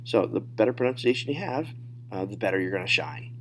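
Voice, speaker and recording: A man teaching a recorded Spanish lesson, modeling phrases slowly and explaining pronunciation. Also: on the low side, animated, a bit bright, slight background noise. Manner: slow, deliberate modeling of phrases.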